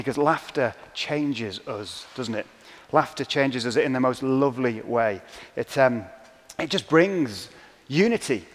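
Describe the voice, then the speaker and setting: A man preaching a sermon in a church, relaxed and conversational, often ending his points with tag questions. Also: mid-range voice. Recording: church hall reverb.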